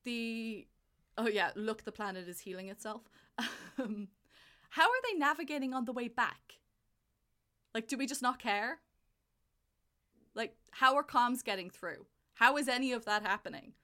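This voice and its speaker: A woman's voice: a little high, moderate pace, long pauses, pushed and bright. A woman co-hosting a casual film review podcast, laughing and sarcastic, swearing as she picks apart a movie. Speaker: podcast co-host.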